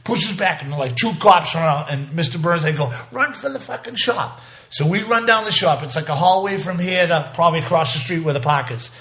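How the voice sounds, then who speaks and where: A man's voice: a little high, fairly quick, hardly any pauses, bright, forceful tone. A man, speaking in a slightly raised register. He recounts a story in a casual interview, profane and rambling, often breaking off and restarting his sentences. The delivery is loose and conversational. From South Boston. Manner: profane, rambling, vivid retelling with many restarts. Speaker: interview guest.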